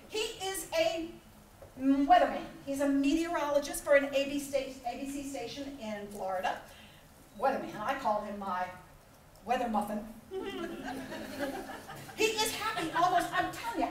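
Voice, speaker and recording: Recorded from a distance in a big, echoey conference hall with crowd noise, a middle-aged female conference speaker delivers a motivational keynote. She speaks at normal speed in a high voice, storytelling with animation, voicing characters and laughing frequently.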